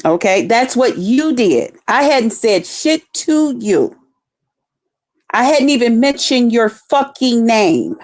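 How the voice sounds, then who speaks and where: A woman's voice: on the high side, sing-song, takes it slowly, a little mellow. Profane, blunt woman ranting on a stream. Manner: profane, blunt, acts out quoted voices. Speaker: streamer responding to a rival. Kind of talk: heated storytelling rant.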